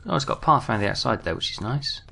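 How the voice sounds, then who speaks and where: A man's voice: mid-range voice, lively intonation, very fast, creaky, bright, forceful tone. A British man commentating his own game play, jumpy and muttering to himself with self-mocking asides. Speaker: gaming commentator.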